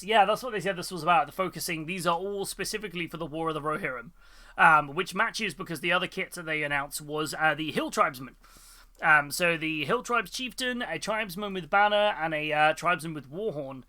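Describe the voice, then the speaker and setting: A man's voice: on the high side, sharp tone. A man hosting a casual hobby live stream, chatting loosely with many fillers and frequent laughs.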